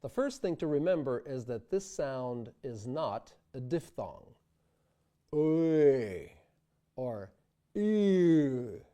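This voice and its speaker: A man teaching sung diction, speaking slowly and carefully and demonstrating vowel sounds aloud. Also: medium pitch, animated, dark tone. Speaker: diction instructor. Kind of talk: instructional video lesson.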